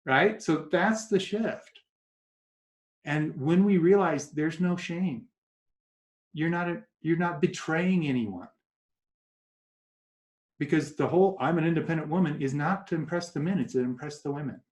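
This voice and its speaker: Man, guest coach, lively storyteller who acts out quotes; slightly raised pitch, roomy echo. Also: unhurried, long pauses. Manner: animated storyteller acting out quoted voices. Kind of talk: casual interview talk. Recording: echoey room.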